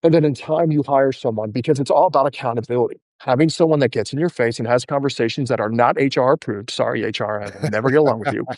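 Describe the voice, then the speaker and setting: A man's voice: mid-range voice, darkish tone, no room sound, studio quality. A man hosting a podcast, blunt and joking as he talks through ideas with his guest. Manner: blunt, joking, fast-talking. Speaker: podcast host. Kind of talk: conversational interview.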